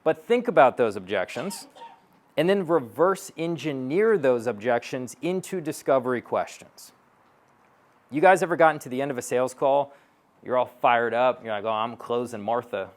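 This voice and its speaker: A man's voice: mid-range voice, expressive. Blunt, profane male stage speaker. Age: 30s. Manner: blunt, profane, punchy delivery; acts out sales-call dialogue in quick asides. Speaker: sales coach speaking to an audience. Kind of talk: live stage talk. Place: stage at a live event.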